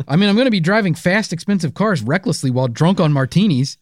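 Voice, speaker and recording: A man co-hosting a casual true-crime podcast, his slightly high voice swinging in pitch. He mixes case narration with playful jokes. The recording is dry and close. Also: expressive, brisk, no echo. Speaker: podcast co-host.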